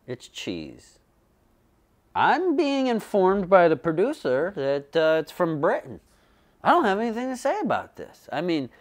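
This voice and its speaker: A man hosting a homemade comedy show, rambling profanely through jokey stories and putting on quick voices. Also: fairly high pitch. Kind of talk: comedic monologue. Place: bedroom.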